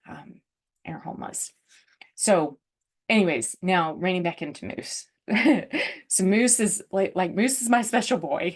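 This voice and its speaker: A woman host telling a personal story in a casual, chatty way, full of "like" and "um", and openly emotional. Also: deep voice. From United States. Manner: chatty, lots of fillers like "like" and "um", emotional.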